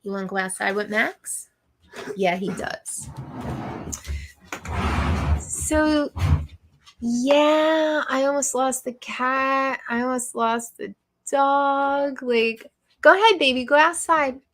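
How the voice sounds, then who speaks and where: A woman's voice: high voice, slow, long pauses, a bit bright. A woman hosting a live stream, chatting casually and rambling with frequent laughs. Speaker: live show host.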